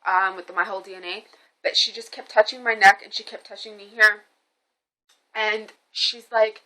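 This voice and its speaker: Bright-voiced woman telling a rambling story. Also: medium pitch, moderate pace, rough recording. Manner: rambling, animated, many fillers and restarts. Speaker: spiritual reader vlogger. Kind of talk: casual storytelling monologue.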